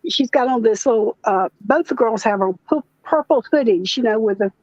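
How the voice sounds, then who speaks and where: An older woman telling folksy stories slowly in casual chat. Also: on the high side, darkish tone, dry recording. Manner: slow, folksy storytelling with pauses. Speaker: chat participant. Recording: dull, muffled sound.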